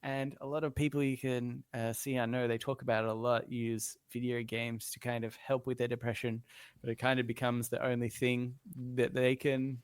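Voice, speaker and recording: A man co-hosting a casual podcast, talking earnestly with halting restarts. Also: mid-range voice, little pitch movement, clean tone, no room sound. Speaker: podcast co-host.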